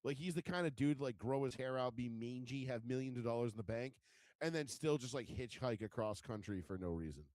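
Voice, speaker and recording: Brief: man in his thirties co-hosting a crude podcast, animated storyteller with a very lively pitch. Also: fairly quick, no room sound. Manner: animated storyteller, swears a lot, acts out voices. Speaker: podcast co-host. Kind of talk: casual crude banter.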